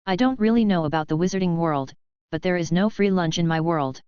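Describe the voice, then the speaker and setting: A woman's voice: lowish voice, a little fast, a little mellow, clean tone, no echo, highs cut off, natural voice. A woman reading a blunt young male servant. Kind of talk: audiobook reading.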